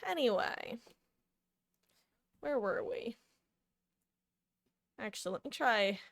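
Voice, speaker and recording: A woman's voice: a little high, animated, slow pace, gravelly, fairly bright tone, no echo. A woman in her thirties chatting casually while streaming a game, rambling with lots of ums and likes. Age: 30s. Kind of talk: casual live-stream chat while gaming.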